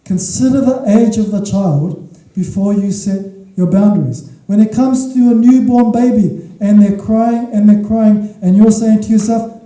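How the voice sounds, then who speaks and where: A man's voice: high voice, a little slow, dark tone, recorded from a distance. Emphatic male pastor, echoey hall. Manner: emphatic, repeats key points, checks in with the audience. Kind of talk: sermon.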